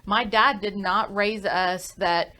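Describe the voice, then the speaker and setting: A woman with a middle-pitched voice hosting a radio chat from a studio. She is upbeat and frank and laughs easily between her points. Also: steady tone, slow, bright, forceful tone. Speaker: radio show host.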